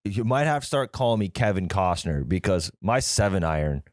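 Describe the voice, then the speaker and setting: A young man with a lowish voice co-hosts a casual golf podcast. He tells stories full of swearing and acts out both sides of the exchange. The recording is dry and close. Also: expressive, moderate pace, dry recording. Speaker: podcast co-host. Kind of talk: casual chat.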